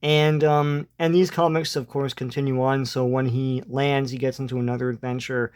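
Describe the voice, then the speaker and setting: A man's voice: mid-range voice, level tone, normal speed, a little mellow, clear, resonant tone. A man casually retelling a comic book story, hesitant and full of ums and uhs. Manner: hesitant, lots of ums and uhs, chuckles now and then.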